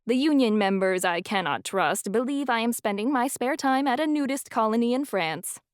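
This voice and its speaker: A woman's voice: fairly high pitch, expressive, normal speed, no room sound, clean studio sound, pitched above the performer's own voice, lightly acted. A woman voicing a lilting, serene old professor. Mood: breezy. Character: serene elderly woman professor, cheerful and spiritual.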